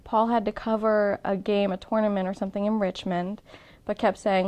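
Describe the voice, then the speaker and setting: A woman's voice: medium pitch, flat delivery, normal speed, dark tone. A young woman casually telling the story of her proposal in an interview, chatty, with frequent ums and restarts.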